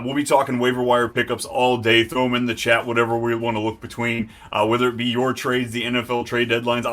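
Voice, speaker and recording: A man hosting a live fantasy football stream, talking in an excitable, hyped and rambling way. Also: medium pitch. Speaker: host.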